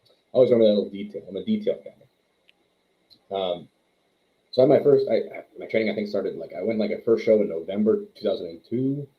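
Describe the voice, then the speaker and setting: A man's voice: on the low side, brisk. A man in his thirties from Quebec, telling rambling, self-deprecating stories as an interview guest. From Quebec, Canada. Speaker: wrestler and trainer, guest. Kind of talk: casual interview storytelling. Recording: tinny phone-like line.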